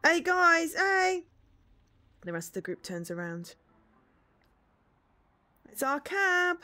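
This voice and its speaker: A woman voicing a drunk man in a pink superhero suit, loud and giddy, as she reads a story game aloud. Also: mid-range voice, a little fast, lightly acted. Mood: excited.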